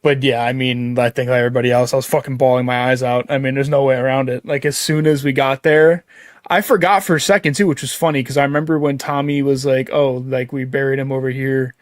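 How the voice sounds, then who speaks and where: A man of middle pitch chatting about a show he loves. He gets excitable, curses a lot and breaks into laughter. His voice sits dry and close to the mic. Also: quick pace, no room sound. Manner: excitable, swears a lot, laughs while talking. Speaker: podcast co-host. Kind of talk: casual review chat.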